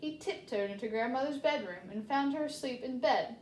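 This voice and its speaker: A woman reading a children's story aloud with lively, chatty asides. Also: sits high, moderate pace, roomy sound, a little hiss or hum. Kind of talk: animated read-aloud storytelling.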